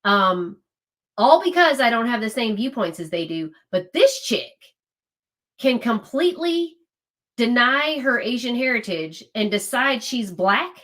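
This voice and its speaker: Emphatic woman, fairly high voice. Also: big pitch swings, unhurried, a bit bright. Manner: emphatic, repeats herself, exasperated asides to viewers. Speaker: livestream host. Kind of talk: casual political commentary, reacting to chat.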